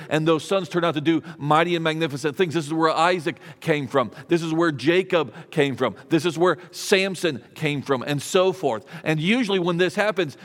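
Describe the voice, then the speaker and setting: A man's voice: a little high, big-room sound. A man preaching a sermon in a conversational way, with rhetorical questions and frequent restarts. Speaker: pastor.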